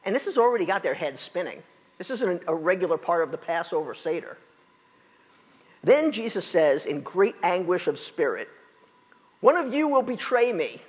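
A fairly high-voiced man preaching a sermon, retelling scripture and acting out its quotes. His voice has a husky edge. It carries a long reverb, as in a large hall. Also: moderate pace. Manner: animated storytelling, acting out quotes.

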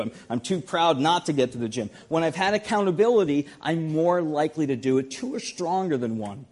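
A man's voice: fairly high pitch, a little mellow, husky. A pastor giving a sermon, earnest and emphatic, often repeating his key phrases.

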